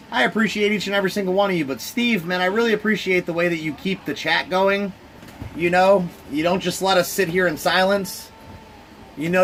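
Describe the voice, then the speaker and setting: A man's voice: fairly high pitch, a bit bright, slight background noise. Sleepy, rambling man calling a game. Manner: laid-back, rambling, talks to his chat. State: sleepy, yawning. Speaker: live stream host. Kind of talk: casual sports reaction commentary.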